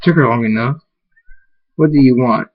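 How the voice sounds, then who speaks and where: A man reading the lines of a scheming male pony king villain in his own voice, slow and taunting. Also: medium pitch, natural voice. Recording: muffled lo-fi recording.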